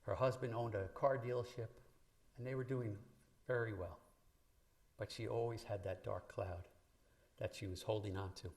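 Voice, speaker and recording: A man with a fairly low voice delivers a sermon to his congregation. He speaks conversationally, asking the people questions, and grows louder and more emphatic when he quotes scripture. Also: steady tone, moderate pace, long pauses. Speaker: minister. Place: church sanctuary.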